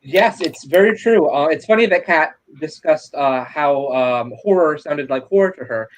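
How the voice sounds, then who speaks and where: A man from upstate New York chatting casually as an actor guest, telling animated stories. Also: fairly high pitch, normal speed, a little hiss or hum. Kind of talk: casual chat.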